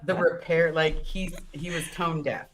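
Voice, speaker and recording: A woman guest making halting, self-correcting remarks in a casual chat. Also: low-pitched, steady tone, noisy background.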